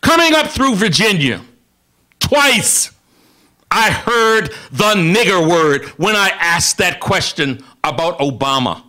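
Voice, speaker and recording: A man's voice: high-pitched, very animated, takes it slowly, bright, forceful tone. A man giving an impassioned speech as a radio guest, repeatedly addressing one listener directly and building emphasis.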